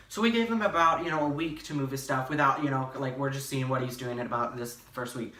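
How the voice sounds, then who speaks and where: A young man telling a casual storytime vlog from his bedroom, rambling and animated, full of fillers and restarts. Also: mid-range voice, fast, hardly any pauses. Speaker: vlogger. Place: his bedroom, in front of a green screen. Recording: echoey room, slightly far from mic.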